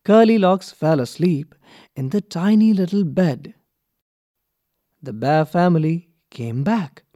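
A man reading a children's story aloud from a textbook, clear and deliberate for young learners. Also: a little high, expressive, mellow, dry recording, dull audio. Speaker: textbook reader. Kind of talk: slow expressive storybook reading.

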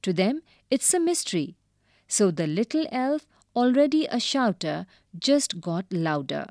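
A woman teacher reading a storybook aloud and explaining new words slowly and carefully. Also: medium pitch, no room sound, clean studio sound. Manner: slow, careful and expressive.

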